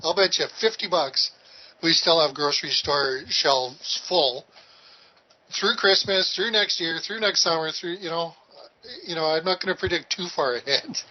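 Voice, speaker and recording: A man's voice: on the high side, moderate pace, highs cut off, a little hiss or hum. A man in casual conversation, talking in a rambling, hesitant way with many fillers.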